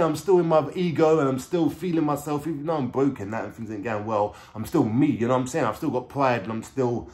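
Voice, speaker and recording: A man's voice: mid-range voice, fast talker, hardly any pauses, darkish tone. A man with a London accent telling a story from his life in casual street slang, with lots of swearing. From England. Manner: street slang, swearing, frequent "you know what I'm saying". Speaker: vlogger.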